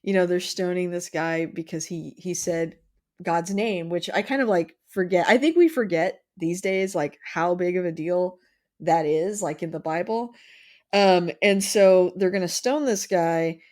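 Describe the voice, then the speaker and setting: A woman's voice: fairly low pitch, a little slow, a little mellow. A woman hosting a podcast, chatting casually about a film with frequent fillers and restarts. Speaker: podcast host. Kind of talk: casual chat.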